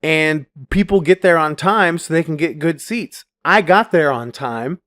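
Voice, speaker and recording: A man co-hosting a podcast, telling animated, profane stories in casual chat. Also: on the high side, a little slow, dry recording, clean studio sound. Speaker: podcast co-host.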